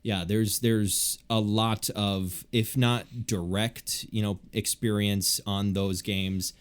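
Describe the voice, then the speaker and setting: A man's voice: lowish voice, fairly even intonation, takes it slowly, clear, resonant tone. A young man with a nasal voice, co-hosting a podcast in casual, rambling chat full of fillers and restarts. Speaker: podcast co-host.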